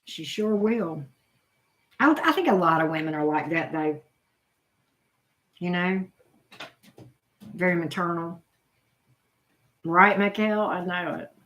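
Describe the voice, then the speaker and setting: A woman's voice: fairly low pitch, slow, pauses often, a bit bright. A middle-aged woman, hosting a casual live-stream chat, reacting to viewers' comments with frequent exclamations. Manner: chatty, reacts to chat names, exclaims often. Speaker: channel host reading live chat.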